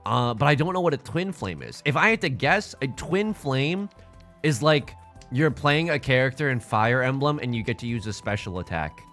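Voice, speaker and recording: A young man chatters through a game stream, his pitch bouncing all over in a lively, animated way. His voice is bright and forceful, and he rambles from one goofy joke to the next. Faint music plays underneath. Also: moderate pace. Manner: rambling, goofy, jokey asides to chat. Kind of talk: casual live-stream chatter while playing mahjong.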